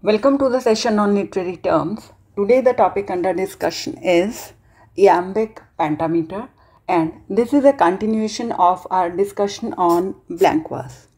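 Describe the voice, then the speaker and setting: A woman from India with an Indian English accent, lecturing students slowly and deliberately on literary terms. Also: medium pitch, a little mellow, husky. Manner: slow, deliberate explanation with emphasized words.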